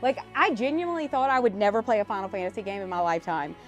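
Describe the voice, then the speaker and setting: A woman hosting a casual live stream while opening cards, excitable and emotional, swearing freely. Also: mid-range voice, fast, faint music behind. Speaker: livestream host.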